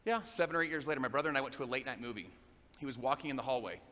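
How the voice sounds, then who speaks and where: A man giving a motivational talk, telling a story and asking the audience questions in an animated way. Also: medium pitch, rapid-fire. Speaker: motivational speaker. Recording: long reverb of a big hall, faint noise.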